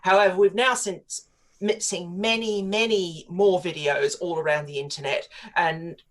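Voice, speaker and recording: A woman with a fairly low voice makes her case as a political commentator during a studio interview on talk radio. Her intonation stays fairly even and her pace measured, while she lays out long, flowing, articulate and opinionated arguments.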